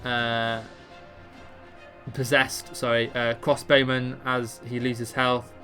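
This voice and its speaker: A man's voice: mid-range voice, little pitch movement, slow pace, sharp tone, soft background music. A man casually reading out game ability text and commenting offhand, stumbling over words. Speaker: gamer explaining a raid boss.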